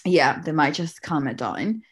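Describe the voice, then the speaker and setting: A woman's voice: deep voice, expressive, unhurried, breathy edge. A woman, a mother casually telling a story about her daughter and acting out the quotes, laughing often. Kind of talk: casual chat.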